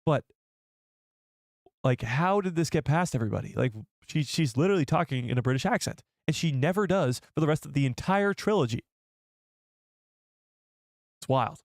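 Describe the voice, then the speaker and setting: Brief: excitable male streamer, rambling casual chat with viewers, very dry close sound. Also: a little high, normal speed, creaky, pauses often, no echo. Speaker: live stream host.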